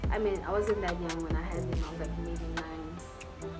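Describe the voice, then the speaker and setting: A woman's voice: lowish voice, steady tone, normal speed. A young adult woman, telling a personal story in a candid, emotional vlog, with lots of 'like' and 'you know'. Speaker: vlogger. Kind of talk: storytime vlog, casual chat. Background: background music.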